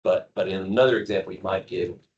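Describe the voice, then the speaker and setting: A man teaching a high school math class live, joking and calling on students by name. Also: steady tone, very fast, breathy edge, lo-fi sound.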